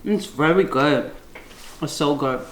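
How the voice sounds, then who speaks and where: In an echoey kitchen with faint background noise, a woman with a low, unhurried voice hosts a home cooking vlog. As both host and mother, she encourages her child while they bake together.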